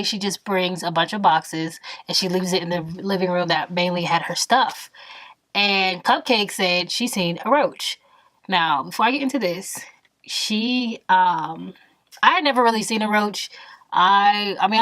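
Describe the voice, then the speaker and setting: A woman in her twenties telling a story in a vlog, animated and emphatic, full of exasperation. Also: medium pitch, no room sound. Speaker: vlogger.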